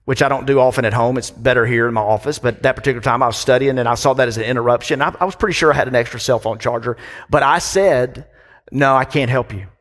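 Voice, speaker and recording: A man's voice: medium pitch, a bit bright. A pastor preaches in an easy, conversational way, often turning questions back on his listeners. His voice sits in a middle range for a man. The sound carries the long reverb of a large church hall. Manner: conversational, asks the congregation questions. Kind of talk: sermon.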